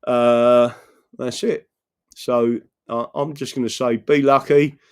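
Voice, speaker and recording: A man's voice: medium pitch, fairly even intonation, takes it slowly, clean tone. A man hosting a live political stream, rambling earnestly, often asking "right?" and reading out viewer messages. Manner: reads out and answers viewer messages. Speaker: political livestream host.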